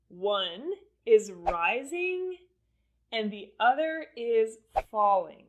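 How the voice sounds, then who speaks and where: A woman teaching English pronunciation in a scripted lesson, speaking deliberately and exaggerating her intonation in the examples. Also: fairly high pitch.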